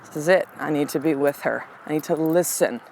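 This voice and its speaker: A middle-aged woman with a fairly low voice tells a personal story as a podcast host. She talks candidly and with feeling, easing into soft, slow affirmations. A faint hum sits under the recording. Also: low-quality recording. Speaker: podcast host and life coach.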